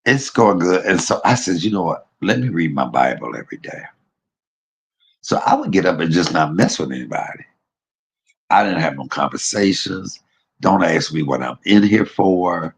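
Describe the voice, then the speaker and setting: A man casually telling a personal story to his viewers, animated, blunt and profane, laughing at himself as he goes. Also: sits low, gravelly, husky. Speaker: vlogger.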